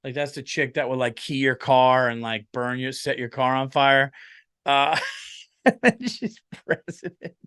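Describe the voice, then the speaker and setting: A man's voice: mid-range voice, measured pace, fairly bright tone, clear, resonant tone, no room sound, clean studio sound. A tired man hosting a comedy podcast, rambling and swearing freely in a casual monologue. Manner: profane, rambling, lots of fillers.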